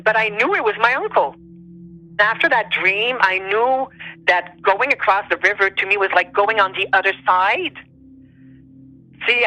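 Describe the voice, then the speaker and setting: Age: unknown. Sex: woman. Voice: bright, earnest storyteller. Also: mid-range voice, no room sound, low-quality recording. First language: French. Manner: earnest, heartfelt, plainly emotional. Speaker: guest telling a true story. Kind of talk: personal storytelling.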